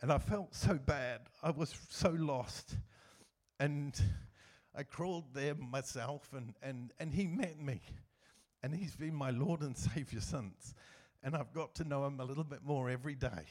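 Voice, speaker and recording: A middle-aged man giving a personal church testimony as a guest speaker, earnest and emotional, with soft laughs as he tells his story. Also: mid-range voice, a little slow.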